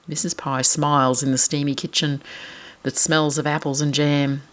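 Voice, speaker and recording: A woman reading a picture book aloud to children, animated and asking them questions as she goes. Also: a bass voice, normal speed.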